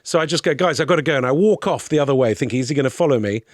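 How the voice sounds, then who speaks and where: A man's voice: medium pitch, lively intonation, very fast, no echo, studio quality. A middle-aged man telling a comic anecdote on a podcast. He swears freely and acts out other people's voices. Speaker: podcast guest.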